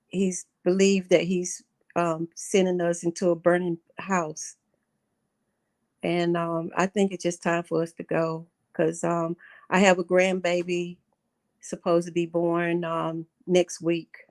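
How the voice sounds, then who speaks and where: Earnest, halting middle-aged woman caller. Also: lowish voice, darkish tone. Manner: earnest, halting, repeating herself. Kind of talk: call-in on a livestream talk show.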